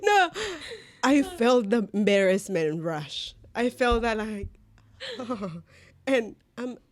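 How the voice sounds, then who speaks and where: A woman's voice: fairly high pitch, sing-song, slow, no echo. A woman co-hosting a podcast, telling an embarrassing story in casual chat, laughing often and slipping into Spanish phrases. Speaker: podcast co-host.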